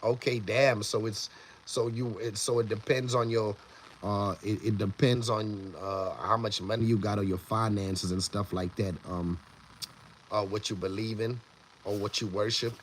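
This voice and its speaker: A man's voice: on the low side, fairly even intonation, measured pace, slight background noise. A man hosting a casual live stream who rambles, restarts his sentences and greets viewers in the chat by name. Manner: rambling, with many restarts and repeated words. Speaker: livestream host.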